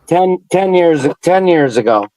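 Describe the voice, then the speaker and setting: A man's voice: a little high, lively intonation, measured pace, darkish tone, dry recording, rough recording. A man from Wisconsin, blunt and defensive in casual comedy banter.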